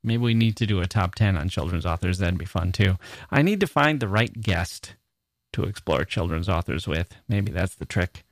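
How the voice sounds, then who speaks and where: A man's voice: low voice, expressive, moderate pace, dry recording, studio quality. A male American podcast host reading listener mail aloud, breaking off for playful, joking asides. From United States.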